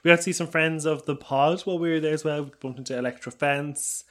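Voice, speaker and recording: A man's voice: fairly high pitch, steady tone, quick pace. A man hosting a podcast, asking questions and agreeing along in casual chat. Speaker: podcast host, interviewer.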